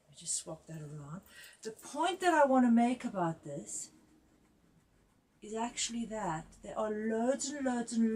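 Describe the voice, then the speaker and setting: A woman's voice: medium pitch, a little mellow, husky, poor audio. A woman designer giving a chatty, jokey, self-mocking demonstration of her own product from her office. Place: home office.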